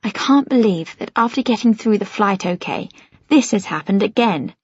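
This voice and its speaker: A woman narrates a first-person novel in an expressive, slightly anxious storytelling voice. Her pitch is mid-range, and the studio sound is dry and a little dull. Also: normal speed, breathy edge, no room sound. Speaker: audiobook narrator.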